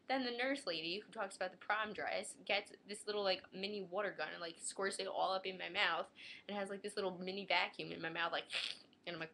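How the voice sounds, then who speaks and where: A woman's voice: mid-range voice, fast talker, a little hiss or hum. Sarcastic young woman telling a story. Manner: sarcastic, deadpan retorts; drops into a flat mutter for asides. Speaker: vlogger. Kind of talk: casual storytelling rant.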